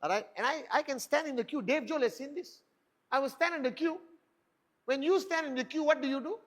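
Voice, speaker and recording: A man gives a motivational talk in a high voice. He fires off rhetorical questions and drives each point home with emphatic punch. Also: fairly quick. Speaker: network marketing leader giving a motivational talk. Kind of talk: motivational speech.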